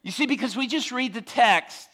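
A man preaching a sermon, telling its story with animated humor. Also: extremely high pitch, moderate pace.

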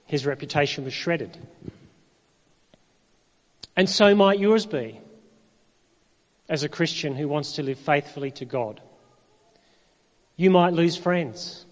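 A middle-aged man preaches in a conversational manner, tossing in rhetorical questions and dramatic pauses. His voice sits a little high. It rings out with a long reverb, as if in a large hall. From Northern Ireland. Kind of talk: sermon.

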